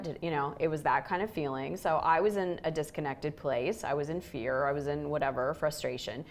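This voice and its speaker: A woman's voice: sits low, fairly quick, hardly any pauses. A woman co-hosting a relationship show, telling a story candidly and acting out quoted lines with animation.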